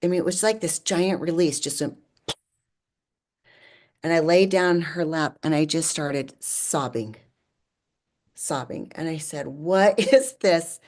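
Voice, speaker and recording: Low-voiced woman telling a personal story. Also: unhurried, long pauses. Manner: animated, often says "like" and laughs. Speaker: podcast guest.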